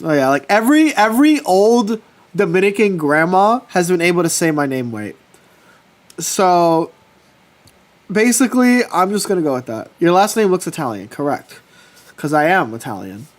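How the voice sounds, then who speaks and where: Animated man telling stories on stream. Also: sits high, normal speed. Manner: animated storytelling, swears casually. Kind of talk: casual livestream chat.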